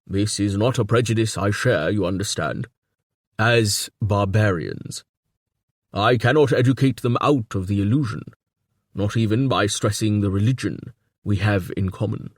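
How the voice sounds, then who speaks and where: Coolly formal stout old king in an audiobook, breathless and wheezy as he speaks, voiced by a male narrator. The voice sits fairly low and sounds close and dry, with little room around it. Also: no room sound. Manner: measured and formal. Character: corpulent wheezing older male king, cool and evasive. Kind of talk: audiobook character reading.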